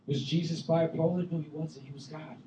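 A man preaching a sermon as a youth pastor, animated, bursting into loud acted-out voices. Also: a little high, a little fast, noisy background. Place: church sanctuary. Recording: echoey room, voice from far off the mic.

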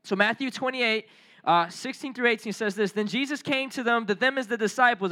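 Male preacher, very high pitch, bright tone, lively storytelling, crowd call-outs. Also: brisk. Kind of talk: sermon.

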